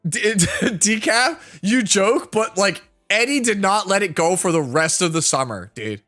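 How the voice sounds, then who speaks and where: A man's voice: sits high, lively intonation, unhurried, pushed and bright. Chatty man telling a story to chat. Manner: rambling, many "like" fillers, laughs often. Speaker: streamer. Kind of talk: casual storytelling to stream chat. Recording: faint music behind.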